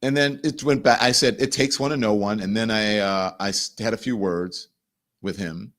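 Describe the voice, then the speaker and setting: A middle-aged man hosting a livestream, telling a story in an animated, indignant way with quick asides to the chat. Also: fairly low pitch. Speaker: host.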